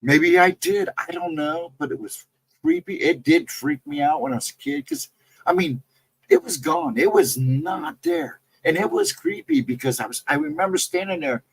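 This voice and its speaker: Gravelly-voiced man telling a rambling story. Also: wildly swooping pitch, normal speed, dry recording, poor audio. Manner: rambling, jumps sharply higher when quoting himself. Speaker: guest storyteller. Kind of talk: casual spoken story of a personal encounter.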